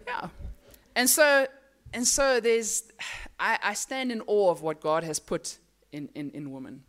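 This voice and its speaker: A woman's voice: mid-range voice, a little slow, a bit bright. A woman preaching a Mother's Day sermon at a church service, talking over slides in a conversational way with frequent restarts.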